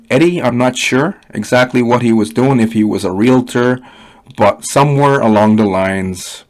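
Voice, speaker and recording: A man with a Canadian accent, from Canada, giving a blunt, rambling, profane unscripted rant with many fillers. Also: on the low side. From Canada (Ottawa, Ontario). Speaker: online money reviewer.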